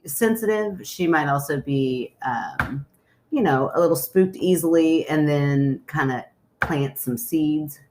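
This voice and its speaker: A woman's voice: low voice, lively intonation, takes it slowly, noisy background. A young woman co-hosting a podcast, chatting casually as the skeptic, hesitant and joking with lots of fillers. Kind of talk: casual chat.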